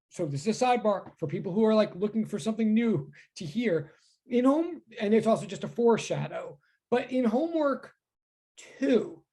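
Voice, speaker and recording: A woman giving a physics class over a video call, her voice a little husky. She talks in a loose, rambling way, full of asides and jokes at her own expense. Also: fairly high pitch, dark tone. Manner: chatty, self-deprecating, rambling asides. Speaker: physics teacher. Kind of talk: online lecture.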